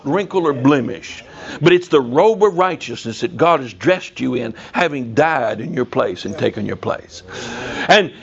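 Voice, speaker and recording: Husky folksy preacher, higher voice. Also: male voice, dull audio. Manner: folksy storytelling with sudden emphatic rises. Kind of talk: sermon. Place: church before a congregation.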